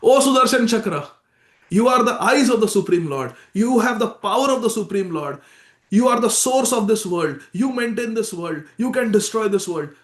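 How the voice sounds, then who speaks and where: A man's voice: high-pitched, expressive, moderate pace, a bit bright, pitched above the performer's own voice. A man voicing a humble, devout king who earnestly begs for mercy, in a temple story retelling. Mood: imploring. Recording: echoey temple room.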